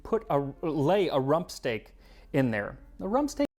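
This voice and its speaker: A man's voice: fairly high pitch, huge pitch swings, a little slow, a little mellow. A man hosting a cooking history show in scripted narration, with playful, jokey asides.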